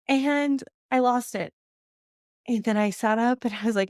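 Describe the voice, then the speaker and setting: A woman's voice: fairly high pitch, slow, a little mellow, no echo, studio quality. Candid woman telling a story. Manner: candid, emotional, laughs often while telling. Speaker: podcast host. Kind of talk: personal storytelling monologue.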